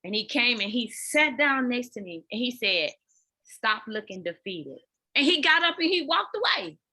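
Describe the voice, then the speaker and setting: A woman with a fairly high, bright and forceful voice tells her own story on a podcast interview. She is animated and open, talking straight to the listeners with "y'all" and stumbling over repeated words when the memory hits. It sounds like candid, heartfelt storytelling. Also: moderate pace, breathy edge. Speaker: podcast guest, dance fitness coach.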